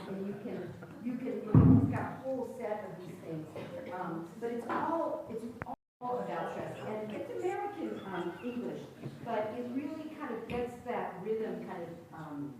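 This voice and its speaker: A woman's voice: medium pitch, big pitch swings, normal speed. A woman leading a teacher-training workshop, chatty with many fillers, recorded in a large classroom. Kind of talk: workshop presentation. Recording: echoey room from far off, noisy.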